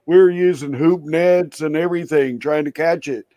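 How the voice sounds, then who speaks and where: A man's voice: on the high side, moderate pace, dark tone, no echo. A man in a casual chat, bluntly telling profane stories. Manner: blunt, profane anecdote teller.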